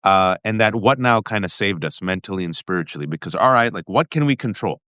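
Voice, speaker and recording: A man's voice: sits low, expressive, bright, forceful tone, no room sound. Earnest man telling a family story. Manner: earnest, halting, with restarts and frequent direct address. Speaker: guest. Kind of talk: emotional personal storytelling in an interview.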